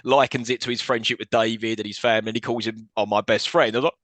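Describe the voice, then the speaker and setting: A man's voice: fairly low pitch, fairly even intonation, fast talker, fairly bright tone, no room sound. A man co-hosting a podcast, casually recapping a film and laughing often. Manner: laughs often while retelling scenes. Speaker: podcast co-host.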